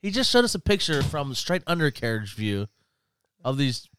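A man's voice: medium pitch, very animated, normal speed, a bit bright, clean tone, no echo, studio quality. A man hosting a casual podcast, joking crudely with friends and reviewing a beer. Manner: crude, joking, reads beer labels aloud. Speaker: podcast host. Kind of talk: casual banter.

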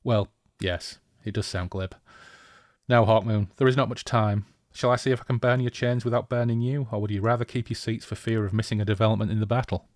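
A man's voice: lowish voice, fairly even intonation, a little fast, no echo, studio quality, close to an everyday voice. A man voicing a glib, charismatic male scoundrel while reading a novel's dialogue aloud. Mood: sly, teasing. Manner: glib and teasing; yells commands when riding. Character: sly charismatic male scoundrel, an adult warrior.

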